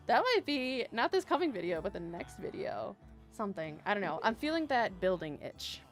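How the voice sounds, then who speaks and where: A woman hosts a casual game live stream with a mid-pitched voice, chatting and reading viewer messages aloud. Her talk is bubbly and rambling, and she laughs often. Faint music plays under her. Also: big pitch swings, moderate pace. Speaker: live-stream gaming host. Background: faint background music.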